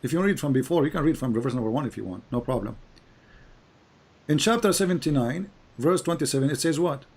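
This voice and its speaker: A man hosting a live-streamed religious debate, pressing his caller with repeated questions and cutting in, his voice going hoarse. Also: mid-range voice, animated, a little fast, darkish tone. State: losing his voice. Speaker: debate host.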